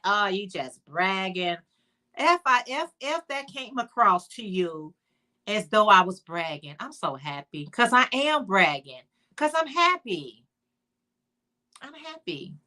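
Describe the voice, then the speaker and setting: Woman, livestream host, casual chat, bright tone, playful asides to viewers. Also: fairly high pitch. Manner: chatty, playful, talks straight to viewers; sassy, teasing asides.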